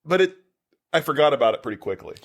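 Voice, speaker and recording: A man co-hosting a casual podcast from a home basement, animated and quick to laugh and swear. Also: on the high side. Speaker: podcast co-host.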